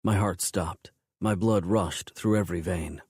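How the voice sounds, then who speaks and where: A man narrating a first-person romance audiobook in a low, intense, measured way. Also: a little mellow, husky, no room sound, clean studio sound.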